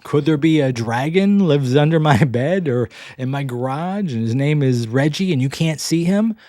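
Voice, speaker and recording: A man's voice: fairly high pitch, expressive, normal speed, mellow, dry recording, studio quality. A man from the American South hosting a podcast, answering listener questions in a casual, rambling way with frequent chuckles. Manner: rambling, chuckles often, self-deprecating asides.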